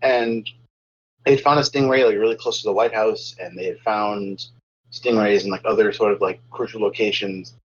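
A man's voice: fairly low pitch, steady tone, moderate pace. A man in a casual podcast chat, hesitant and full of fillers, recorded with dull lo-fi sound.

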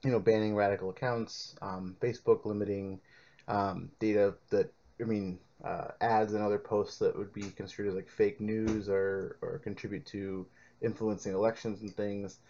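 A low-voiced man hosting a podcast, wandering through his introduction with frequent ums and you-knows. The recording sounds dull and lo-fi. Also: little pitch movement, moderate pace, warm tone. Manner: rambling, filler-heavy topic introduction. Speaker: podcast host.

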